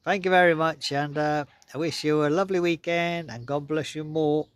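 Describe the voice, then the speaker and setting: A man's voice: on the high side, steady tone, moderate pace, clear, resonant tone. A man casually telling childhood stories to his viewers, rambling and chuckling often. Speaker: vlogger. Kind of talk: casual storytelling.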